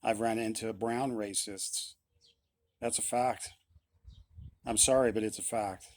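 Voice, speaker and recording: A man's voice: on the low side, fairly even intonation, measured pace, dry recording. A middle-aged man, a musician, giving a blunt, insistent opinion monologue and repeating his points.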